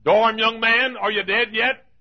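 A man preaching a fiery sermon in a church, repeating his lines and rising to shouts. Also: extremely high pitch, steady tone, a little slow, highs cut off.

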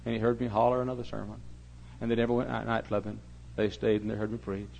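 Gravelly hollering preacher man. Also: fairly low pitch, little pitch movement, fast, highs cut off, a little hiss or hum. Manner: hollering preacher, swings from hushed to shouting. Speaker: pastor. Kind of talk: sermon.

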